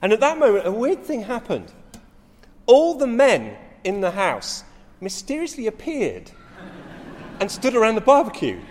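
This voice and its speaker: Animated preacher in a reverberant church. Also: male voice, high-pitched, moderate pace, long pauses. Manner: animated storytelling with rising emphasis and frequent restarts. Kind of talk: sermon.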